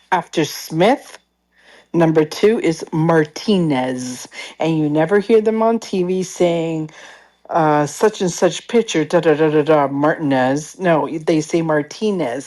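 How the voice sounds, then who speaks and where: A woman telling a story in casual call-in chat, acting out what others say to her. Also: sits low. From Canada. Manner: animated storytelling, acts out others' lines.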